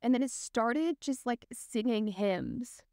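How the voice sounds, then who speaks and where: A young adult woman hosting a podcast, retelling a spooky legend in an animated, chatty way. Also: a little high, slow, dry recording, clean studio sound. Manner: lively, animated retelling with quoted voices. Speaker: podcast host telling the story. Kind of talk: casual storytelling chat.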